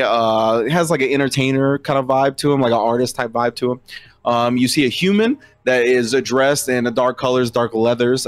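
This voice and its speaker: Casual young man game master. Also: medium pitch. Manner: casual, many fillers. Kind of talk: narrating a tabletop game.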